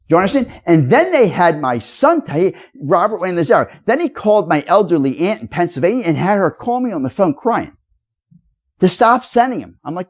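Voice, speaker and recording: A man's voice: high-pitched, big pitch swings, a little fast. A man ranting straight to his viewers in a rambling, accusatory, lecturing way. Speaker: video blogger. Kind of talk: rambling direct-to-camera rant.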